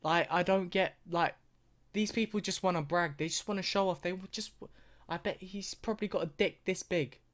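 A man's voice: sits high, normal speed, fairly bright tone. A young man ranting through a reaction video, swearing constantly and mocking what he sees.

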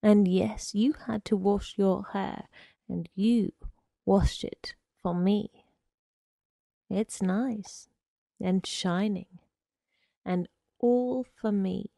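A woman's voice: mid-range voice, fairly even intonation, drawn-out words, vocal fry, long pauses, dark tone, no echo, studio quality. A woman playing a wheedling, menacing young man. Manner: wheedling and pushy, slipping into threats. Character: menacing young man, smooth-talking stalker.

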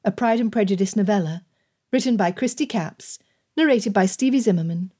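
A woman narrating an audiobook in a measured, even storytelling delivery. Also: mid-range voice, husky. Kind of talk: scripted narration.

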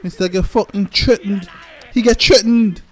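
A man hosting an anime reaction, swearing freely and breaking into shouts and laughter between calmer remarks. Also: sits high, moderate pace, soft background music. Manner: excitable, profane, bursts into shouts and laughter. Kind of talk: live reaction commentary. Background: faint anime soundtrack playing.

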